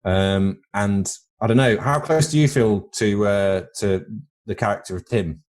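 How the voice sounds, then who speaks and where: Rambling, jokey British podcast host. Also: male voice, fairly low pitch, unhurried, a little mellow. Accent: British English. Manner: jokey, rambling, repeats words while thinking. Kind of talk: casual film chat.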